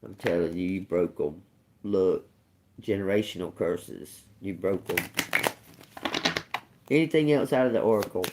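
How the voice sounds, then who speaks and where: A woman's voice: rumbling low, measured pace, pauses often, mellow, slight background noise. A woman hosting a casual livestream tarot reading, emphatic and prone to laughing, with casual swearing and phrases repeated for emphasis. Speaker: tarot reader.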